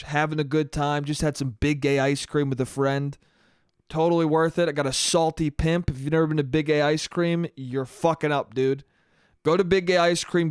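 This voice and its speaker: A man's voice: a little high, clean tone, no room sound, clean studio sound. A man hosting a solo comedy podcast, talking in a profane, rambling way and laughing at his own jokes. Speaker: podcast host.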